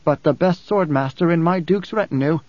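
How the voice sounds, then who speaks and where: A man voicing a composed, guarded noblewoman who speaks in measured, probing questions. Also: on the high side, darkish tone, dry recording, pitched above the performer's own voice, lightly acted. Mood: cool, guarded. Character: composed noblewoman, middle-aged, guarded and sharp. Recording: slightly dull dry recording.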